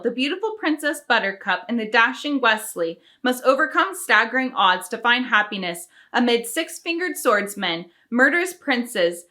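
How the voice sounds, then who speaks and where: A woman's voice: mid-range voice, pushed and bright. A young woman talking casually and enthusiastically about her favourite films, laughing often. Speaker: film review YouTuber. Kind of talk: casual film review talk.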